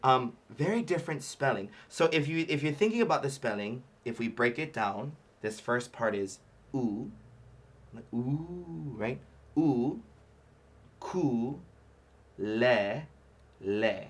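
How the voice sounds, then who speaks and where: A man leading a livestream ukulele workshop. He chats casually with lots of fillers and laughs, and sounds out Hawaiian words slowly, syllable by syllable. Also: medium pitch, lively intonation, fairly bright tone. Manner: chatty with frequent fillers and laughter. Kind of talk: livestream music lesson.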